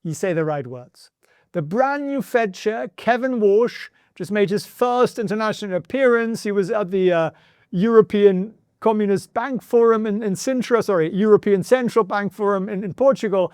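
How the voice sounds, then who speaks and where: A man with a high, light voice hosts a finance explainer. He speaks to the viewer directly and persuasively, keeping it brisk with quick asides. The sound is dry and close. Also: darkish tone, clean tone, no echo. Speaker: finance educator and channel host.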